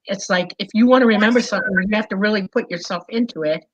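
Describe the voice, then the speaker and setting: Woman guest, lively storyteller, mid pitch, slightly dull podcast audio. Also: fast talker. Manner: animated, lots of fillers and "okay?". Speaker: guest recounting an experience. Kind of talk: casual storytelling.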